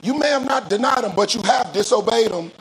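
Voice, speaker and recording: A male pastor preaching a sermon, calling on the congregation to repeat phrases and rising into shouts with a sing-song cadence. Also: very high-pitched, animated, fairly quick, low-quality recording.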